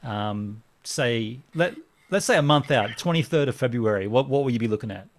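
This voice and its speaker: A man's voice: mid-range voice, lively intonation, normal speed. A man hosting a casual online chat, enthusiastic and slangy as he cheers his guest on over a video call. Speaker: podcast host.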